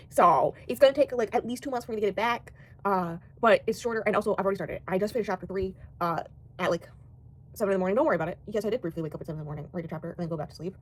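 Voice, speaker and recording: With a husky, mid-range voice, this book vlogger keeps her talk casual, a young American woman rambling about books, dropping plenty of fillers and casual curse words.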